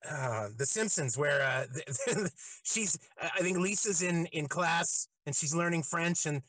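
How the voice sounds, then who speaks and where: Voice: medium pitch, a little slow, fairly bright tone, no room sound, low-quality recording. A podcast host chatting casually with a guest, loose and profane, laughing often between remarks. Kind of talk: casual interview chat.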